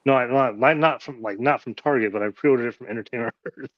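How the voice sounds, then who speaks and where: A man's voice: mid-range voice, quick pace, dry recording. A man hosting a casual chat, rambling and swearing freely. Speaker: host. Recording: dull lo-fi audio.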